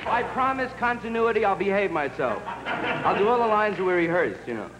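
A man's voice: sits high, big pitch swings, normal speed, in a large hall, a crowd in the background, background noise. A man speaking as a comedian guest, wry and self-mocking.

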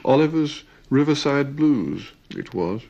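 A man reads verse aloud at an unhurried, deliberate pace, and his voice carries a gravelly rasp. Each line is measured out carefully, as in an archival poetry reading. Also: medium pitch, animated, a little mellow, dull audio. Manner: slow, measured recitation. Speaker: poet.

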